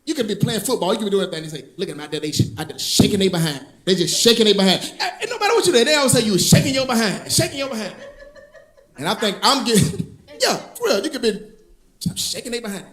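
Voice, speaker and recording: A man performing stand-up on a club stage, his voice unusually high and swinging widely in pitch. He drawls through stories and shouts out the punchlines, and the room around him rings with echo and audience laughter. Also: sing-song, fast talker. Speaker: stand-up comedian. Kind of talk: stand-up comedy set.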